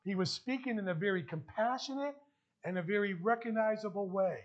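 A man preaching a sermon as pastor, emphatic and rising to loud bursts. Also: high-pitched, brisk. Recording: dull lo-fi sound.

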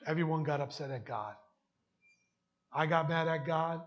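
A man's voice: on the high side, normal speed, muffled recording. A man preaching a heartfelt sermon and sharing his testimony, emotional at times. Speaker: pastor.

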